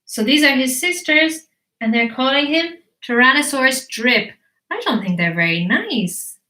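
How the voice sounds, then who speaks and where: Slow, bright storytelling teacher. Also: female voice, high-pitched, echoey room. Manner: animated, slow and encouraging, asks questions. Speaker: English teacher reading to children. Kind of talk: live storytelling for kids.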